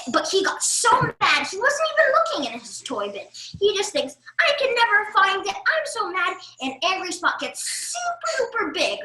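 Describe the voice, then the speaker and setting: Animated woman reading to kids. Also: high-pitched, reverberant. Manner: animated, coaxing, talks straight to young kids. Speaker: children's storyteller. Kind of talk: reading a picture book to children.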